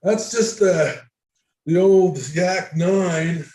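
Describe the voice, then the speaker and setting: A man's voice: high-pitched, drawn-out words, mellow. A man chatting easily on a video call from his home workshop, rambling a little as he talks shop. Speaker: hobbyist guest. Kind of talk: casual video call chat. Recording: echoey workshop room.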